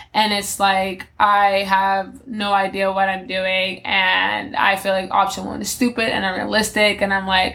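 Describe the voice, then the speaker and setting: A woman's voice: medium pitch, gravelly, a bit bright. A woman in her twenties hosting a solo podcast, talking candidly and rambling through her plans, with many fillers and restarts. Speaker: podcast host. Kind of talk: solo reflective podcast monologue.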